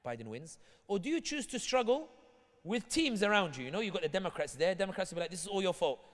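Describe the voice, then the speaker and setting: A Tunisian man with a British accent gives a community talk as a guest speaker, full of humorous anecdotes in which he acts out the characters. He speaks rapidly and animatedly in a higher-pitched voice. The large hall of an Islamic center gives the sound a long reverb.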